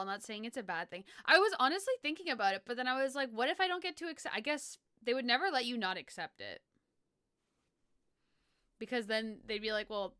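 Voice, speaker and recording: A chatty woman streamer with a bright, forceful, fairly high voice, commenting casually on a game and giggling often. Her voice is dry and close to the mic. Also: no room sound.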